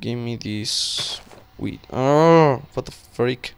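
Excitable young man, smooth voice. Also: mid-range voice, very slow. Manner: excitable, swearing, talks to himself while playing. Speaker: gaming channel host. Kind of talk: casual gameplay commentary.

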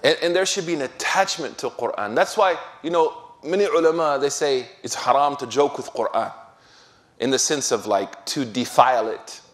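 A middle-aged man giving a casual, laughter-filled talk as an imam, telling stories in relaxed, slangy speech. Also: mid-range voice, moderate pace. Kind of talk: casual sermon storytelling.

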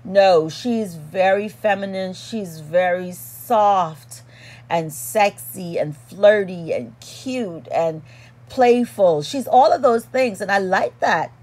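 A woman giving a casual perfume review in a sassy, animated, playful way with dramatic emphasis. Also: mid-range voice, slow pace. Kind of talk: casual product review vlog.

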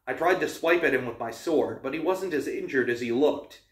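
A man reading a novel aloud for his channel, in steady narration with small stumbles. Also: mid-range voice, normal speed. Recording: roomy, distant mic.

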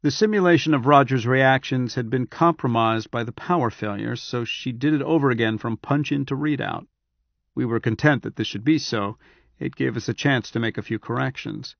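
A man narrating an audiobook in a steady, even-handed reading voice. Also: medium pitch, moderate pace, gravelly, dry recording. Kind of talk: scripted narration. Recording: dry, slightly dull audiobook recording.

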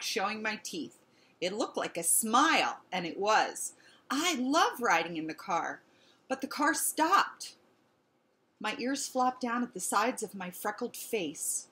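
A woman reading a children's picture book aloud with expressive storytelling. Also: mid-range voice. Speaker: storybook reader.

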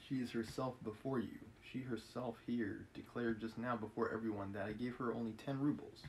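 A man's voice: medium pitch, fairly even intonation, fairly quick, slight background noise, lightly acted, poor audio. A man reading aloud as a pompous, self-righteous male official. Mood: indignant. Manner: pompous, indignant. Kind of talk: reading a novel aloud on a live stream.

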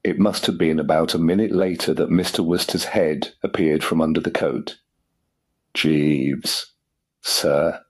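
A man narrating an audiobook for English learners in a measured, formal way. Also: low voice, fairly even intonation, darkish tone, slightly rough.

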